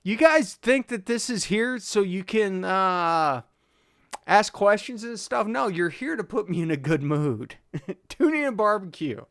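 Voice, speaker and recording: A man's voice: high-pitched, lively intonation, measured pace, a bit bright, no room sound, studio quality. A man hosting a live car tuning stream, chatting casually, answering viewers' questions and chuckling often. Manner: laid-back, chuckling often, reads chat aloud.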